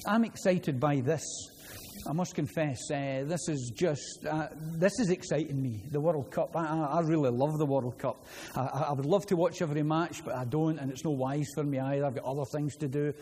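A man with a Glaswegian Scottish accent preaching a sermon, earnest and prone to repeating words as he gets excited. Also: fairly high pitch, husky. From Scotland. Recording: long hall reverb, faint ambience.

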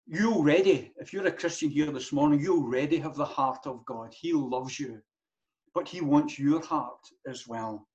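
A man's voice: fairly high pitch, moderate pace, darkish tone. A man preaching a sermon as pastor, earnest, with many rhetorical questions and repeated phrases. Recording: dull lo-fi sound.

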